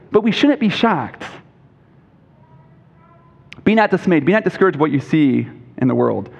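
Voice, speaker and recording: A pastor delivers an emphatic sermon in a high voice with lively intonation, moving at a moderate pace with frequent pauses and some vocal fry. He quotes scripture with a rising voice and puts questions to the congregation. The recording is dull and lo-fi, with a long hall reverb.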